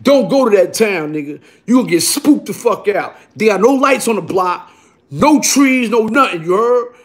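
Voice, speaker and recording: A man telling a rough, profane story in a casual, animated way, punctuated by "you heard?". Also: sits high, moderate pace. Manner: animated, repeats "you heard?", bursts into shouting.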